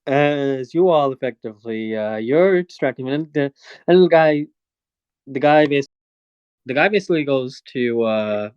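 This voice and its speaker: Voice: medium pitch, animated, normal speed, a little mellow, smooth, no echo, dull audio. A game master narrating a tabletop game in a hesitant way, with lots of fillers.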